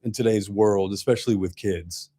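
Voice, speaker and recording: Radio host, man, chatty, laughs easily, halting. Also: lowish voice, warm tone, breathy edge. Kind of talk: casual radio conversation.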